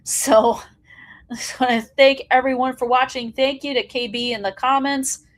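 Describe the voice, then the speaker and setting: A woman's voice: sits high, steady tone, normal speed. A woman hosting a wrestling commentary show, ranting bluntly and profanely, fired up.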